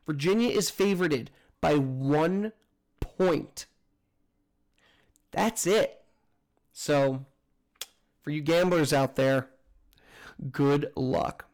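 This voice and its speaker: A man runs through sports scores and standings as a casual news host. His voice sits a little high and has a gravelly edge. His delivery is loose and chatty, and he stops to correct himself. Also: drawn-out words, long pauses, darkish tone. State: has the hiccups.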